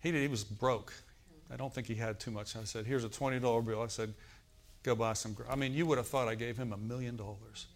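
A man's voice: mid-range voice, fairly even intonation, fast. A middle-aged man preaching in a church, declaring prayers with fervor and then telling stories to his congregation. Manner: fervent, declaring prayers and storytelling. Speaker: pastor. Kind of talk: sermon with call-and-response prayer.

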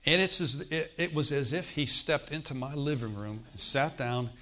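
With a mid-range voice and a sharp tone, this preacher moves at a moderate pace through a personal testimony. His sermon is conversational, and he keeps asking the congregation "Okay?"

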